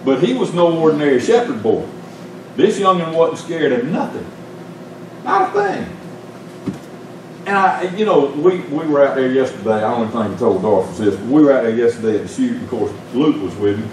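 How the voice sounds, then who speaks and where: An older man with a Southern US accent preaching a sermon, telling stories in a folksy way with big swings in pitch. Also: lively intonation, fairly quick, a little mellow, a little hiss or hum. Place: church sanctuary. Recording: echoey church from far off.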